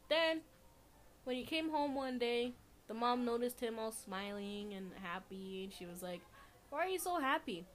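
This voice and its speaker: A woman's voice: on the high side, fairly even intonation, measured pace. A young woman co-hosting a casual podcast, telling a rambling story between bursts of laughter. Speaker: podcast co-host.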